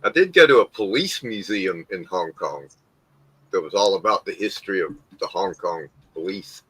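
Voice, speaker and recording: A man's voice: low-pitched, animated, normal speed, sharp tone, husky, poor audio. A man chatting casually on a stream, laid-back and telling travel anecdotes. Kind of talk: casual chat.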